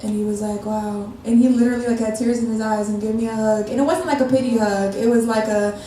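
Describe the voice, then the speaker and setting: A woman's voice: on the high side, fast. Young woman telling her story, echoey. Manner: animated, acts out quoted dialogue. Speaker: interview guest. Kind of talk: candid conversational storytelling. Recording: echoey room from far off, faint noise.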